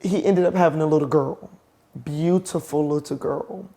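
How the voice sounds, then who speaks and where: A middle-aged woman, a show host, gives a personal testimony in an emotional, halting way, with pauses and restarts. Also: low-pitched, fairly even intonation, mellow. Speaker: host telling her own story.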